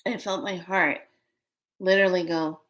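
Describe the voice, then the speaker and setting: Low-voiced woman telling a rambling story. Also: steady tone, normal speed, fairly bright tone. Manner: rambling, repeats words and restarts often. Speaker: spiritual vlogger. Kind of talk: casual personal storytelling.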